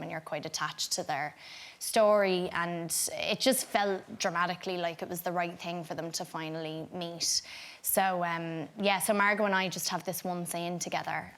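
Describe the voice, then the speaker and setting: A young adult Irish woman, a guest on a chat show, telling animated anecdotes with frequent laughter. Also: fairly low pitch. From Ireland. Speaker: guest actor.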